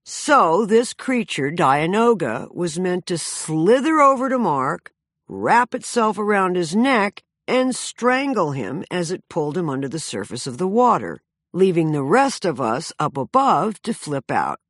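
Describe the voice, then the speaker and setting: Wry woman around sixty, lively delivery. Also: on the low side, measured pace, no room sound. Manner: dry, wry, self-mocking delivery. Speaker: author narrating her memoir. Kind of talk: humorous memoir narration.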